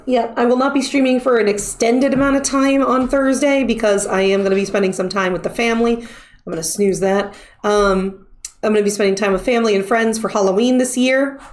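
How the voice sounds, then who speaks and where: A woman streamer chatting casually as she wraps up a live stream, rambling with lots of fillers. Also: medium pitch. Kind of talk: casual stream wrap-up chat.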